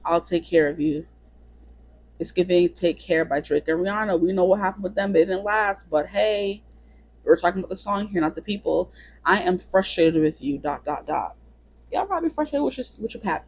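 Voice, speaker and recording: A woman's voice: lowish voice, a little mellow, breathy edge, no echo. A woman giving a casual tarot reading to camera, chatty and playful, singing bits of songs. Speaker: tarot reader.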